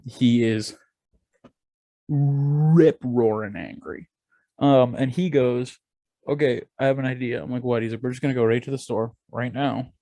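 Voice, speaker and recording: A young man on a podcast, telling a story in casual chat, animated and profane, acting out the people he quotes. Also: medium pitch, unhurried, no room sound. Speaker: podcast co-host.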